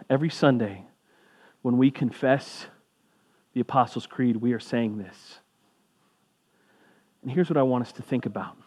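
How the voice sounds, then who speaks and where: A man's voice: medium pitch, darkish tone. A man preaching as a pastor, talking in a conversational way with asides, his voice rising for emphasis. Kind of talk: sermon.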